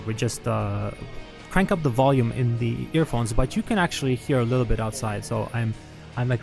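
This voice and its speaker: A creaky, mid-range voice belongs to this esports commentator covering a strategy game match live at a LAN event venue. His commentary is chatty and analytical, with frequent laughs and fillers.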